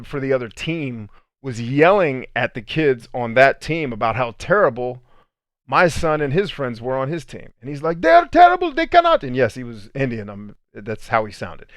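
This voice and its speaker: A man's voice: medium pitch, no room sound, studio quality. Blunt, plain-spoken male podcast host. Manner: blunt, emphatic, profane; conversational, frequent "right?" asides. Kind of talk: motivational podcast monologue.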